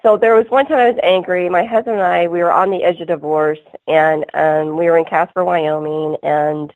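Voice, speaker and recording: A woman speaks over a narrow, phone-like line with no room sound at all. Her voice sits on the low side for a woman. She tells her story earnestly as a radio guest, circling back and restarting her sentences. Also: no room sound. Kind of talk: call-in radio interview.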